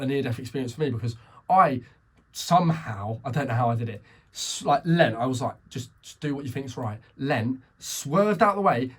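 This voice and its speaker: Husky young man, rambling. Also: mid-range voice. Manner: rambling storyteller, restarts and self-corrects. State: tired, yawning. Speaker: podcast co-host. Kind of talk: casual chat.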